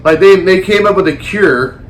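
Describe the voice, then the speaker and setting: A man co-hosting a casual movie review chat, talking in a rambling, animated way with some swearing. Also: high voice, moderate pace, slight background noise. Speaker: podcast co-host.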